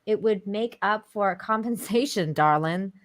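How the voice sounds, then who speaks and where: A woman's voice: medium pitch, unhurried. A woman co-hosting a casual podcast, reading viewer messages aloud in a chatty way. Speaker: podcast co-host reading donations. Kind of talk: casual chat.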